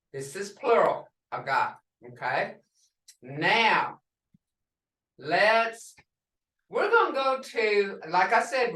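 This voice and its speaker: A woman teaching a language class over a video call, slowly and patiently repeating phrases for her students. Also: mid-range voice, a bit bright. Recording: echoey room, distant mic.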